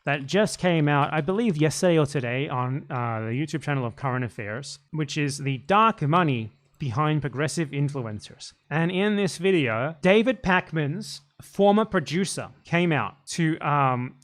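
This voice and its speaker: A man doing casual live commentary, reacting to a video with a blunt, profane, excitable rant. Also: fairly high pitch, normal speed, hardly any pauses.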